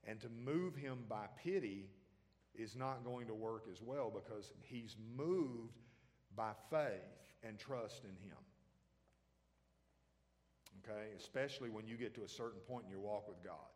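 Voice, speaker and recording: A man's voice: fairly low pitch, unhurried, a little mellow, in a large hall. A man preaching a sermon as pastor, talking conversationally and throwing questions out to the congregation.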